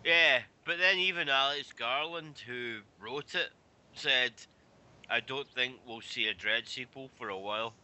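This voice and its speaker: A man's voice: mid-range voice, measured pace, pushed and bright, low-quality recording. A man, joking and laughing in casual podcast banter with friends. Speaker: podcast co-host. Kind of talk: casual group chat watching a film.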